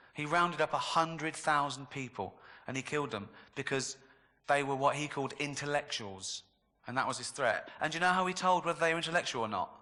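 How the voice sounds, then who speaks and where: A man's voice: mid-range voice, bright, forceful tone, long reverb tail. A man with an English accent doing a stand-up comedy set, dry and sardonic, chuckling at his own jokes. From England.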